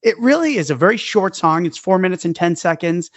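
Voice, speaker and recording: A man's voice: high-pitched, expressive, fairly quick, no echo, highs cut off. A man co-hosting a podcast in casual chat, breaking songs down analytically. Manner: analytical, breaks down song structure. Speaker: podcast co-host.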